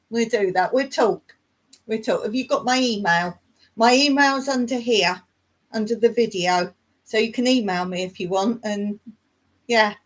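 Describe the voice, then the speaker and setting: A middle-aged woman from England with a Surrey accent, hosting a live chat, reading out viewer comments and answering them in a rambling, chatty way with frequent laughs and fillers. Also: a little high. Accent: Surrey English. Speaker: YouTube channel host.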